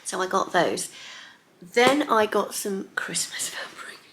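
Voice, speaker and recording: A middle-aged woman chatting casually in her sewing vlog, lively and chatty, sometimes dropping to a soft near-whisper. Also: medium pitch, slow pace. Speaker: sewing vlogger.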